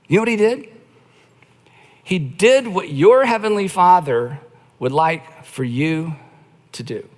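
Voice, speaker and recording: A middle-aged man with a fairly high voice delivers a sermon as a pastor, talking to the congregation in a relaxed, conversational way. He stretches out key phrases and acts out quotations with slow emphasis. His voice carries the long reverb of a large auditorium.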